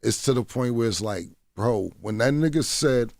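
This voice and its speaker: In a radio studio, a male guest with a medium-pitched, darkish voice and vocal fry tells blunt stories at a moderate pace with lively intonation. He swears freely and keeps asking "you know what I'm saying." The studio-mic audio is echo-free and clean.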